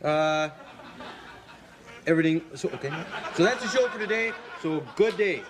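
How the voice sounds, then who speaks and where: A man's voice: a little high, lively intonation, normal speed, noisy background, lightly acted. An actor playing a dim-witted young Canadian man who hosts a cheap show with his brother, rambling with "like" and "right?", with a Canadian accent. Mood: rambling chat. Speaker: comedy sketch character.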